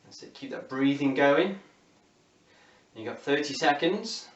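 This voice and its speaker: A man's voice: on the high side, lively intonation, measured pace, reverberant, far from the mic, highs cut off. A man with an English accent leading a home workout class, encouraging and counting down reps. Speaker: fitness instructor.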